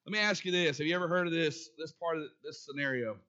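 A man preaches to his congregation, often pausing to ask them questions. His voice sits high and sounds bright and forceful. The recording is muffled and lo-fi. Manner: calls out to the congregation with call-and-response questions. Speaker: pastor. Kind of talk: sermon.

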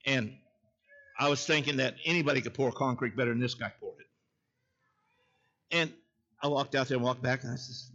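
A man's voice: medium pitch, fairly even intonation, fairly quick, pauses often, sharp tone, dull audio. A man preaching a sermon in a folksy way, telling a story and calling out to the congregation. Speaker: pastor.

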